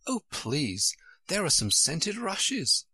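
A man's voice: fairly high pitch, very animated, takes it slowly, bright, forceful tone, slightly rough, no room sound, pitched above the performer's own voice, exaggerated voice. A man voicing a polite, curious little girl who pleads eagerly and keeps asking questions.

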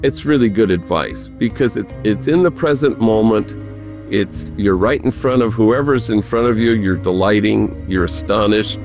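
A man who is a Jesuit priest, talking earnestly with gentle humor as an interview guest and telling stories. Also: fairly low pitch, normal speed, soft background music. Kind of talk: conversational storytelling interview.

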